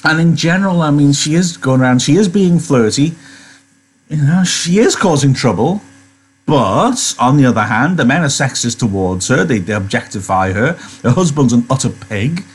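A man's voice: mid-range voice, expressive, moderate pace, breathy edge. A man teaching, reading a novel aloud and chatting about it with rhetorical questions.

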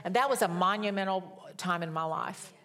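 A middle-aged woman preaching a sermon, reading scripture slowly with emphasis and telling personal stories in a conversational way. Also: on the low side, pushed and bright.

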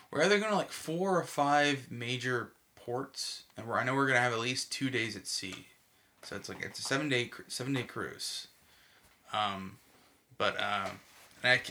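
A man's voice: medium pitch, pushed and bright, slight background noise. A man from Texas chatting casually on a podcast, rambling with lots of restarts and filler words. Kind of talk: casual chat.

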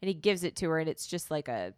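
Casual recap co-host, woman, lowish voice, dry close mic. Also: quick pace, clear, resonant tone, no room sound. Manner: relaxed, recaps plot step by step. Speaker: podcast co-host.

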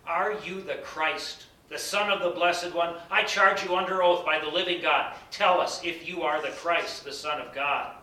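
A man voicing a stern male high priest who asks forceful, demanding questions, recorded at a distance in an echoing room. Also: expressive, moderate pace. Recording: bright roomy echo, distant mic, faint rumble.

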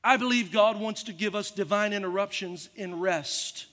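A middle-aged man preaching a sermon as a pastor. He tells stories with animated delivery and acts out the voices in them. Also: high voice, normal speed. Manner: animated storytelling, acting out voices. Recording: long reverb of a hall.

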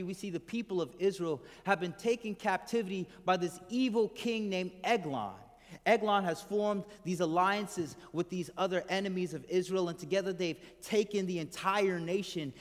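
A man preaching a sermon to a congregation, chatting and asking them questions, letting his voice drop soft and low at the ends of phrases. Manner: conversational, asks the congregation questions. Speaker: pastor. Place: church hall with congregation. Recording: hall reverb from the room.

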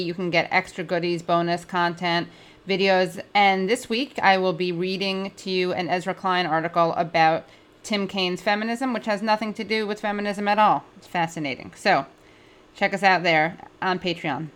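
A woman's voice: lowish voice, steady tone, normal speed, fairly bright tone. A woman hosting a political talk show, playful and bantering, often laughing with her co-host and guests. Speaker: podcast host.

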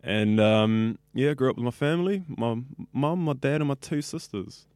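Studio-quality and dry, the recording captures a 21-year-old radio student with a New Zealand accent speaking at a moderate pace in a mid-range, darkish voice. Casual and chatty in an interview, he rambles, full of fillers and frequent "like."

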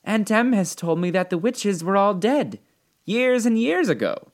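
Storybook role: wide-eyed, earnest little girl, high and bouncy, voiced by a man. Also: very animated, measured pace, exaggerated voice. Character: innocent, polite little farm girl.

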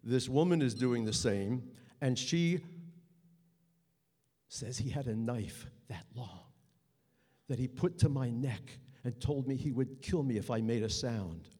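A man telling a personal story live onstage at a story slam, earnest, with halting pauses that build tension. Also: mid-range voice, expressive, warm tone, big-room sound. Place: theater stage.

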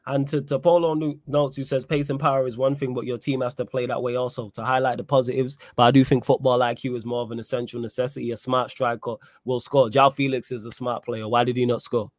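A man's voice: mid-range voice, flat delivery, fast, hardly any pauses, dry recording, clean studio sound. A man hosting a casual football podcast, talking in an emphatic, opinionated way and repeating his points. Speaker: podcast host. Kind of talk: casual football chat with live chat readout.

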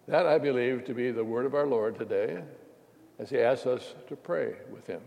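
Gravelly-voiced man preaching in a hall. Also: mid-range voice, normal speed, darkish tone. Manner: reflective, heartfelt storytelling. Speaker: pastor. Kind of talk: sermon. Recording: long hall reverb.

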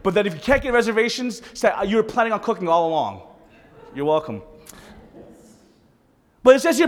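Male pastor, sermon, high voice, animated, joking asides, echoing hall. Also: fairly quick, long pauses. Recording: reverberant hall.

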